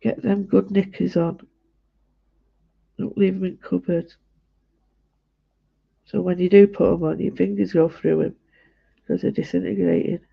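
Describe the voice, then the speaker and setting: A woman's voice: on the low side, level tone, a little slow, gravelly, long pauses, husky. A woman chatting in a homely, rambling way as she draws live, talking viewers through her work. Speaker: artist streaming a live drawing session. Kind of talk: chatty commentary while drawing. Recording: dull lo-fi livestream audio.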